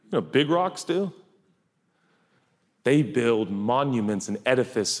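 A man preaching a sermon as a pastor, animated, acting out quotes with big leaps in pitch and loudness. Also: measured pace. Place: church hall. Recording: long reverb of a large hall.

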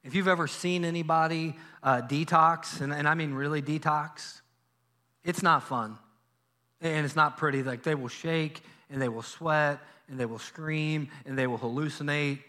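A male pastor preaching a sermon in a church, telling a Bible story in a lively way and acting out the characters' lines. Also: a little high, moderate pace. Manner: animated storytelling, acts out biblical dialogue. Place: church sanctuary.

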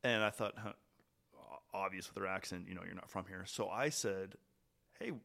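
A podcast host tells a story in a loose, conversational way. His voice sits a little low, and he trails off and restarts often as he goes. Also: vocal fry. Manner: animated, trailing pauses and restarts. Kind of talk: casual storytelling chat.

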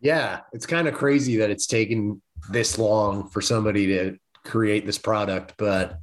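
A man's voice: on the low side, fairly even intonation, measured pace. A man co-hosting a podcast in loose, profane casual chat, full of fillers. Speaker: podcast co-host.

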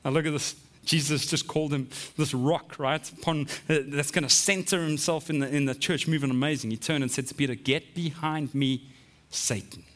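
A man preaching a sermon in a conversational way, often checking in with the listeners with quick asides. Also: a little high, fairly even intonation, fairly bright tone. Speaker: pastor.

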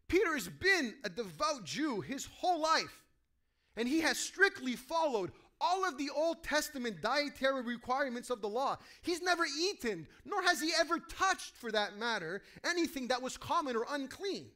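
A man preaching a sermon to a congregation, animated, acting out quoted voices and asking his listeners questions. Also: very high-pitched, unhurried. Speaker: pastor.

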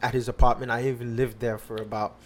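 A man's voice: medium pitch, level tone, fast talker, slight background noise. A man on a podcast casually telling a personal story, rambling with lots of fillers and restarts.

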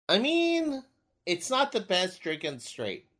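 A man in a casual group chat, defensive and halting, full of fillers. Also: high-pitched, wildly swooping pitch, a bit bright.

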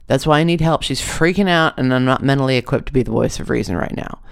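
A blunt, brash young woman, fed up and swearing, as a storyteller puts her on. The voice sits a little higher and louder, with a gravelly edge. It is spoken in a storytelling read-aloud style. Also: fast. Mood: exasperated.

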